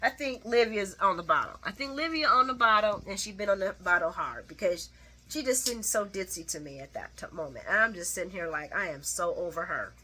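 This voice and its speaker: A woman casually retelling a soap opera episode for her channel, chatty and animated, with frank asides about the characters. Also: mid-range voice, a little fast. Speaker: soap opera recap vlogger.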